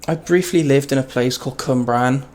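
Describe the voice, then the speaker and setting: This man speaks at a normal speed with a medium-pitched, darkish voice, and the audio is poor. His talk is easygoing gameplay commentary on a train simulator, full of meandering stories and self-directed laughter, with engine and rail sounds from the game behind him.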